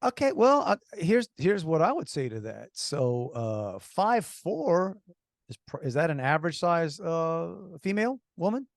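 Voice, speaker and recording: A man's voice: a little high, big pitch swings, a little slow, no room sound, studio quality. A man co-hosting a radio talk show, telling stories animatedly with heavy sarcasm and many restarts. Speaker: radio co-host. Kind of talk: casual radio chat.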